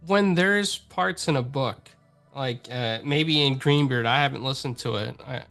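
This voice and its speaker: A male podcast host asking questions in a relaxed, rambling way. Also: mid-range voice, unhurried, vocal fry, faint music behind. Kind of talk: casual interview chat.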